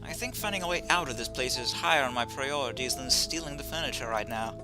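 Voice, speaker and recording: A man's voice: mid-range voice, fast talker. A man playing through a game, reading the lead's lines in a dry, wry, mildly pompous way. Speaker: gamer. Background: game music.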